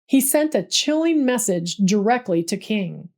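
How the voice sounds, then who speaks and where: A woman's voice: medium pitch, expressive, unhurried, a little mellow. A woman narrating a scripted history story in a dramatic, vivid storytelling manner.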